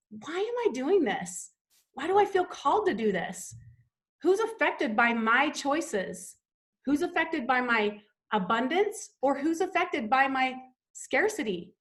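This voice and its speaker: A woman's voice: high-pitched, a bit bright. A woman hosting a sales team call, talking in an enthusiastic, gushing, motivational way.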